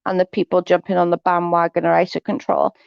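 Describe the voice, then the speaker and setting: A woman's voice: on the low side, little pitch movement, fast, creaky, clear, resonant tone, no echo. Woman chatting on a stream, blunt and catty, dull dry mic sound. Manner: blunt, gossipy, sarcastic asides. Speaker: livestream host reading viewer chat. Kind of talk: casual chat.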